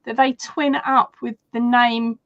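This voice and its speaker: A woman's voice: a little high, level tone, a little slow, no echo, lo-fi sound. A woman from Britain chatting on a livestream, explaining things with some hesitation. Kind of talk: casual chat.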